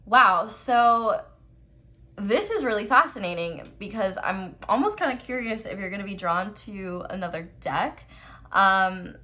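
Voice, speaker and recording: A woman's voice: mid-range voice, sharp tone. A young woman giving a casual tarot card reading at home, chatty and giggly, with rambling asides. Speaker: tarot reader.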